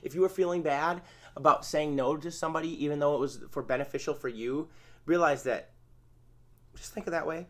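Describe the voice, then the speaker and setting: Guy explaining therapy skills off the cuff, bit higher voice, acts out example lines. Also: a little fast. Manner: conversational, acts out sample phrases, self-correcting. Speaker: channel host teaching therapy skills. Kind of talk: informal spoken lesson.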